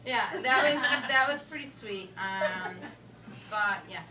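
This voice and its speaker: A young woman from Connecticut giving a casual, joking rehearsal dinner toast, rambling with playful slang and quick asides. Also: medium pitch, noisy background. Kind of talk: casual joking speech to a crowd. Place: dinner hall with guests. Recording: roomy hall from a distance, loud crowd.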